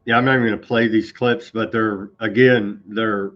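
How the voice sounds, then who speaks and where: A man's voice: fairly low pitch, steady tone, normal speed. A man hosting a live news show, reading posts aloud and commenting with sarcasm and indignation. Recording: slightly dull lo-fi sound.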